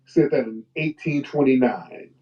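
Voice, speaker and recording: A man hosting a live talk stream, talking in a preachy way and reading old quotes slowly with emphasis. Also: mid-range voice, animated. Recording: distant, muffled live stream audio.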